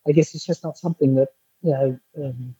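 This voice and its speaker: A male podcast guest tells lively stories in a husky, warm voice. The sound is a dull, lo-fi remote line, dry with no room echo. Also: mid-range voice, a little fast. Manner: lively anecdotal storyteller. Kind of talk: casual chat.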